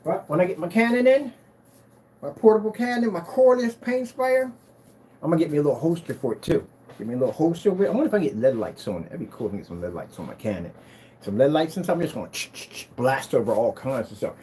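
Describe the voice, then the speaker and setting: A man's voice: a little high, fast. A hyped-up man talks through a casual product demo vlog, rambling from one thought to the next. His voice climbs and dips with lots of movement. A faint hum of room ambience sits behind him. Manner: excitable, rambling, hyped-up talk. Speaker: screen paint business owner demonstrating products.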